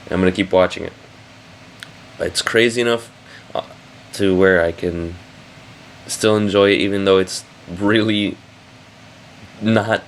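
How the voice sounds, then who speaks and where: A man's voice: low voice, a little hiss or hum. Crude exasperated man reacting to anime. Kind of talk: casual reaction commentary.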